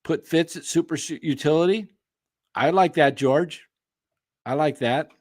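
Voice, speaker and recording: A man talking sports on a casual stream, his voice going hoarse as he clears his throat. He rambles through strong opinions at an unhurried pace, calling out viewers by name. The recording is close and dry, with no room around him. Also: on the high side, dry recording. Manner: opinionated, answers chat by name, rambling restarts. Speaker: sports show host. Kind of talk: casual live-stream commentary.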